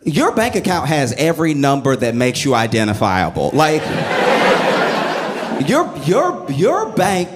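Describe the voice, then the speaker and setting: A man telling a stand-up comedy bit with animated storytelling, the audience laughing along. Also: fairly high pitch, a little slow, noisy background.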